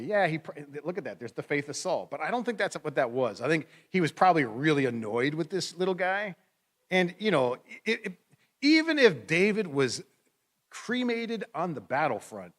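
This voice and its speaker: Animated pastor preaching, lively pitch. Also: male voice. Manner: conversational, animated storytelling with playful asides. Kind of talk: sermon.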